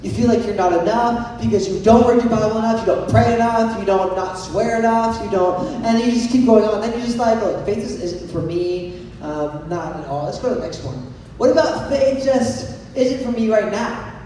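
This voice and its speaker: A man's voice: very high voice, brisk, mellow, a little hiss or hum. A young man giving a playful, joking youth sermon, telling a story and asking the audience to raise their hands. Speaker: youth pastor. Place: large hall with an audience. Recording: echoey hall recorded from far off.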